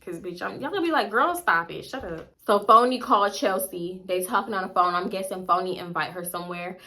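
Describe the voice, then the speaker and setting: A young woman vlogger telling a gossipy storytime in a blunt, animated and profane way. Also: mid-range voice, fast talker. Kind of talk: casual storytime.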